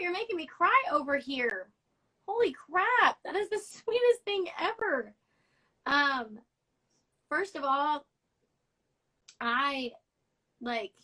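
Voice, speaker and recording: A woman's voice: sits high, pushed and bright, low-quality recording. A young woman hosting a casual live stream, reading fan notes aloud in a chatty, effusive way. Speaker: host of a live social media show.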